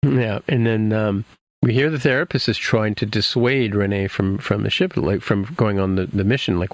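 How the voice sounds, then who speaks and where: Podcast host, male, low and gravelly, casual rambling recap with lots of ums. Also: normal speed, no room sound. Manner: rambling, many fillers and restarts.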